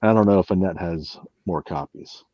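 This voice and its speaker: A man's voice: low-pitched, moderate pace, no room sound, dull audio. A man playing a tabletop game, answering in character in an offhand, wry way. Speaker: player. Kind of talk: casual in-character play.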